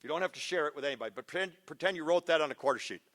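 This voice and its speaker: A man's voice: on the high side, lively intonation, rapid-fire, fairly bright tone. A man giving a punchy, teasing workshop talk to a live audience of parents, quizzing them as he goes. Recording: live hall with long reverb.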